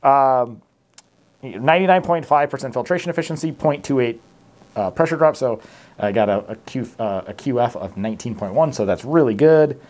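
A man talks through his test results in an easygoing, unscripted way. His pitch sits in an ordinary middle range. He often stops to correct himself and reads out numbers plainly. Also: normal speed, a little mellow. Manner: rambling, self-correcting, many fillers. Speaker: mask tester reviewing products. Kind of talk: casual product review to camera.

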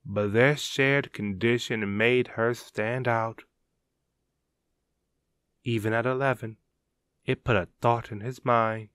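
A man narrating a dramatic story in a measured, unhurried way. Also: mid-range voice, steady tone, a bit bright, dry recording. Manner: slow and measured, gravelly.

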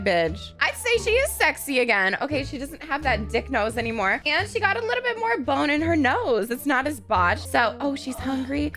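A woman's voice: high-pitched, sharp tone. A young woman hosting her gaming channel, giving brash, profane let's-play commentary.

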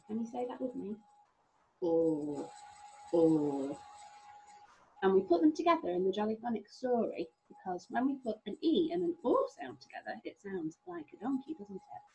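A middle-aged woman leads a phonics lesson for small children, her voice swooping up and down as she sounds out each letter. There is a gravelly edge to her tone, and faint noise sits under the recording. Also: a little high, big pitch swings, warm tone, low-quality recording. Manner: slow, sing-song and encouraging, sounding out letters. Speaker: primary school teacher.

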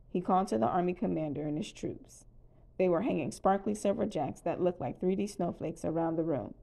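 A woman reading a children's storybook aloud in a calm, even way. Her voice is on the lower side and has a warm, mellow tone. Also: brisk, creaky. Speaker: storybook reader. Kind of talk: children's read-aloud narration.

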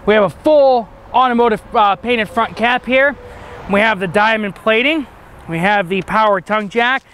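A man's voice: sits high, moderate pace, fairly bright tone, slight background noise. A man giving an upbeat, chatty walkaround tour of a travel trailer outdoors at an RV dealership. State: has the hiccups. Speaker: RV dealership salesman.

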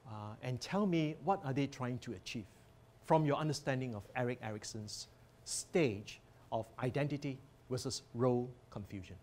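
A man's voice: medium pitch, moderate pace, a little mellow. A man presenting a teaching workshop as a professor, earnest and emphatic as he guides listeners through slides.

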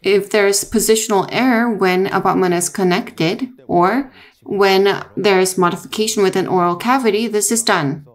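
A woman narrating a technical dental lesson in a measured, explanatory way, with small restarts. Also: medium pitch. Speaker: dental lecturer.

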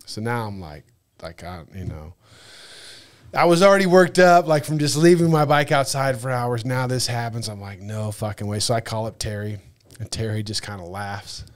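A man spins a road story on a podcast in a loose, cursing, animated way. He slips into the voices of the people in the story as he goes. His pitch sits in the middle for a man. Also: normal speed. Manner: animated, profane, acts out dialogue. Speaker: podcast guest. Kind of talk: casual storytelling.

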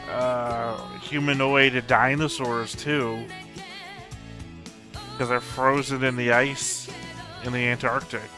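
A man hosting an anime reaction channel, thinking aloud as he puzzles over the plot in casual solo commentary. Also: mid-range voice.

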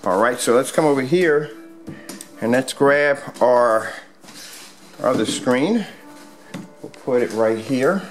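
A man's voice: medium pitch, expressive, slow pace, pauses often, soft background music. A man casually demonstrating a product at home, rambling with many fillers and restarts. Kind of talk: casual product demo vlog. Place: home room with squeaky floors.

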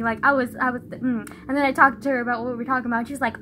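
A young woman telling a story on her phone, animated and sweary, sighing and laughing and saying "like" all the time. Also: rapid-fire, few pauses, a little hiss or hum. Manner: animated, says "like" constantly, sighs and laughs; swears freely, swings from loud outbursts to low mutters. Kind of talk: casual storytime vlog.

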